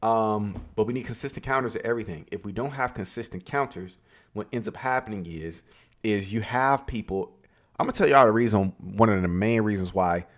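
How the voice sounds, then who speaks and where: A man delivers an opinionated gaming rant straight to his audience, circling back to drive each point home. He swears casually and leans hard on key words, speaking in a somewhat low voice. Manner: emphatic, repetitive, profane. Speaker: gaming commentator.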